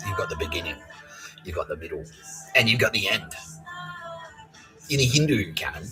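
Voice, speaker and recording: Deep-voiced, sweary podcast man. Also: animated, brisk, long pauses, music in the background, low-quality recording. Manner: profane, rambling, full of fillers. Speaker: podcast host. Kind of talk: rambling comic monologue.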